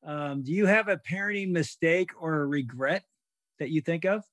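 A man co-hosting a podcast interview, speaking in a warm, emotional and encouraging way. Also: fairly high pitch, moderate pace, no echo. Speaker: podcast co-host. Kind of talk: casual interview chat.

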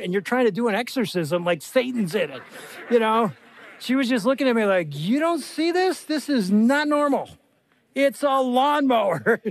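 Animated older man preaching a sermon. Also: high-pitched, dry recording. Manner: animated, acts out dialogue with big voice jumps. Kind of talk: sermon to a live audience.

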